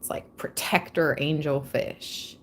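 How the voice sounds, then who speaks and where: A young woman hosting a live tarot reading, chatting casually and excitedly with frequent laughter. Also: deep voice, slow pace, slight background noise.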